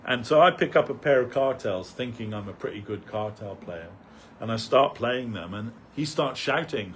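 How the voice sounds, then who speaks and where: A man's voice: mid-range voice, expressive, moderate pace, a little hiss or hum. An older man giving a rambling, anecdotal remembrance talk as a devotee speaker at a temple festival, with many fillers, restarts and chuckles.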